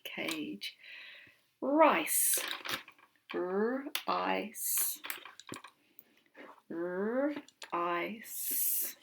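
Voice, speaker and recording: A woman with a New Zealand accent teaching an online phonics lesson from home, slowly sounding out letters and words. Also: on the low side, creaky, background noise. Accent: New Zealand English.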